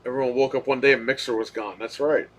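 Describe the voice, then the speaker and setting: A man hosting a live gaming stream, ranting in a heated, profane way, swinging between low muttering and loud outbursts. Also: steady tone, fast talker. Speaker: gaming podcast host.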